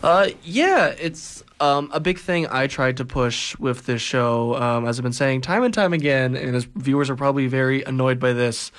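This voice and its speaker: A man's voice: mid-range voice, normal speed, hardly any pauses. A young man from Saskatchewan hosting a casual campus radio interview, chatty, with lots of fillers and laughs. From Saskatchewan, Canada. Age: young adult. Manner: chatty, laughs often, lots of likes and ums. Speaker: radio show host.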